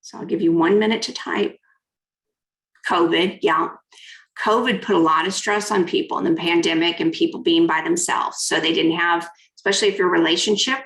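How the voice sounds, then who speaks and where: In an echoey room on poor-quality audio, a woman with a lowish, slightly bright voice speaks at a normal pace with fairly even intonation. She's delivering an interactive online workshop talk, a keynote on negotiation, guiding her audience through hand exercises and reading their typed comments aloud.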